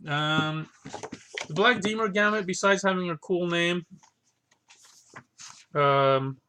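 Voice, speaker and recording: A man's voice: sits high, takes it slowly, bright, forceful tone, clear, resonant tone. A man talking casually through his collection of books, thinking aloud and rambling with many restarts and fillers. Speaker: vlogger reviewing his chess books. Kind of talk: casual unscripted talk.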